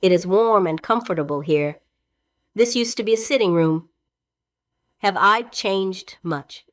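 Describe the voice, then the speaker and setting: A woman reading the role of a weary, fragile young actress in a play reading, with heartfelt, halting delivery. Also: mid-range voice, no room sound, lightly acted. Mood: anxious.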